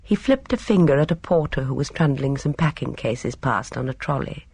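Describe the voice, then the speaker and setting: Woman reading a story, husky gravelly voice, dry close sound. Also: extremely low pitch, lively intonation, darkish tone, no echo. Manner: measured storytelling. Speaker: audiobook narrator. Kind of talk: scripted narration.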